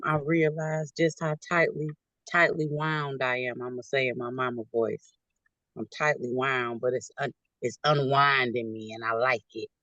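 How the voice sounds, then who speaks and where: Woman participant, low voice, grateful and relaxed, dry sound over a video call. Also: dry recording, dull audio. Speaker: caller. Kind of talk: casual video call chat.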